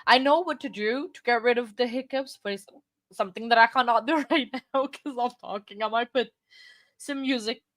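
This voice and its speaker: A woman's voice: a little high, no echo. Hiccuping woman chatting on a livestream. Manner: rambling, self-interrupting, halting. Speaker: livestream host. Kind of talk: casual livestream chat. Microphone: desk microphone.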